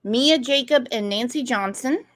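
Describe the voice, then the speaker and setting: A woman's voice: a little high, unhurried. A woman hosting a true crime channel, talking through a case in a conversational, emphatic way and repeating points for stress. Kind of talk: casual true crime commentary.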